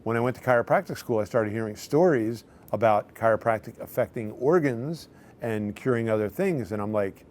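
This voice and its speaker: Speaking at a normal pace, this middle-aged chiropractor shares stories about his patients to camera, occasionally voicing what they said. His mid-range voice is expressive and darkish in tone, with slight background noise.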